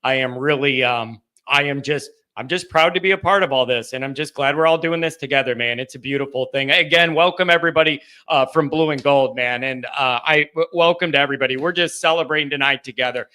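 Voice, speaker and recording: A man hosting a live postgame call-in show, talking in a loose, excitable, chatty way with plenty of fillers and restarts. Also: mid-range voice, fairly quick, hardly any pauses, smooth. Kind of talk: casual live-stream chat.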